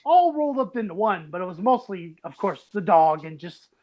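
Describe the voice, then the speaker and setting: Animated man on a movie podcast. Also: high voice, moderate pace, dull audio. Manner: animated, laughs often, acts out quotes. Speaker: podcast co-host. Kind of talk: casual movie podcast chat.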